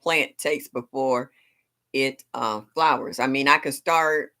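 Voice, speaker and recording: Chatty, expressive woman gardening host. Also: rumbling low, slow. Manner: chatty, expressive, reacts aloud to viewer comments. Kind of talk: casual live chat with viewers. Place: home in Ohio.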